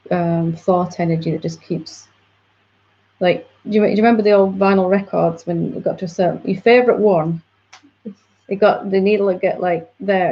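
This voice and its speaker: A woman spiritual teacher patiently explaining to a student in a reflective satsang dialogue. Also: lowish voice. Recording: dull lo-fi audio.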